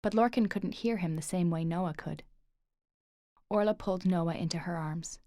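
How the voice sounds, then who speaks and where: A woman narrating an audiobook with steady, measured delivery. Her voice sits on the low side and the recording is dry and close, with no room sound. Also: dry recording. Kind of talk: scripted narration.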